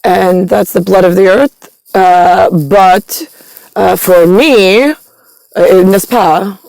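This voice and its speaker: A woman's voice: mid-range voice, slow, creaky, a little mellow, no echo. A woman talking in a disjointed, meandering monologue, full of fillers and stray foreign words. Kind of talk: rambling monologue.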